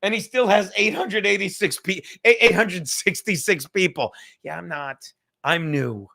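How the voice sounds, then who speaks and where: A man's voice: high voice, normal speed, gravelly, bright, forceful tone. A tired man hosting a casual live stream from home, rambling and swearing, with joking asides to the chat. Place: home room.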